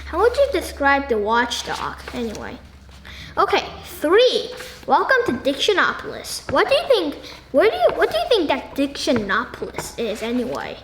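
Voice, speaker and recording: A woman hosting a casual book discussion. She talks haltingly, with many ums and restarts, and keeps asking the listener questions. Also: sits high, huge pitch swings. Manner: asks the listener frequent questions. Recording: echoey room with faint noise.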